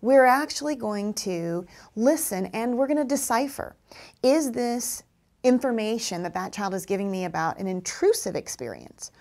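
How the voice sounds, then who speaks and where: Woman explaining how to handle kids, a bit high and gravelly, acts out the kids. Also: moderate pace. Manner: animated, acts out children's voices and teacher replies. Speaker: parenting and teaching educator. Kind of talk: instructional talk to parents and teachers.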